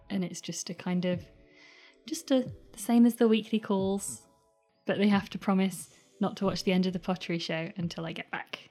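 Taking part in tabletop role-play chat, a woman voices her character casually and with a bit of hesitation. She has a mellow, medium-pitched voice.

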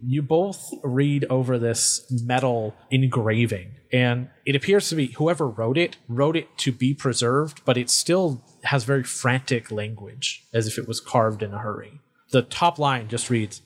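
Man running a tabletop game. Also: mid-range voice. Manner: slow, deliberate narration. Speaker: game master.

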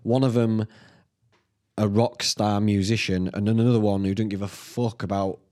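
A man with a Northern English accent, hosting a solo podcast, thinking out loud in a sweary, self-mocking way. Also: on the low side, steady tone, moderate pace. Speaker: podcast host. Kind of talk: rambling solo podcast chat.

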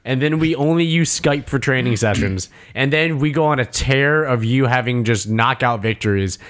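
A man in casual podcast chat, joking around and acting out shouted coaching. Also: medium pitch, normal speed.

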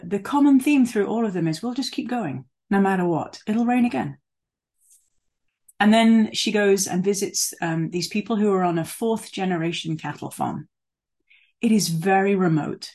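Husky, low-voiced woman preaching casually. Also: darkish tone. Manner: conversational, with fillers and asides. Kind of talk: sermon.

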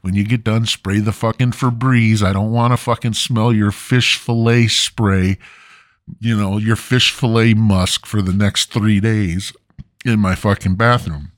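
A bossy older woman barks profane orders, as a man puts her on in his own low voice. Her manner is curt and demanding. The sound is dry and close. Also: steady tone, unhurried, no echo, natural voice.

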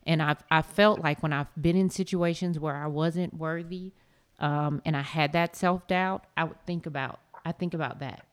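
Soft-spoken hesitant woman, low voice. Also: fairly even intonation, normal speed, smooth. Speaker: guest panelist with a doctorate. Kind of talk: reflective panel discussion.

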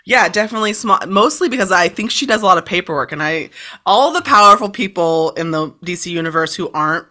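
A woman co-hosting a casual podcast chat, animated, quick to laugh and swearing freely. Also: lowish voice. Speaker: podcast co-host asking questions.

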